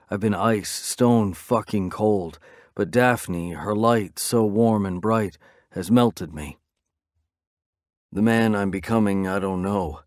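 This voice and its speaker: A brooding, low-voiced man narrates an audiobook in the first person. The studio recording is clean, with no room sound.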